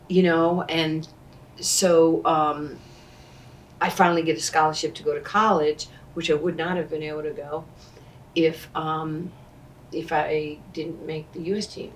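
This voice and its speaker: Low-voiced storyteller, New woman in her 60s. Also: recorded from a distance. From Queens, New York. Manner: animated storyteller who acts out quoted dialogue. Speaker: interview guest, former basketball player. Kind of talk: storytelling in conversation.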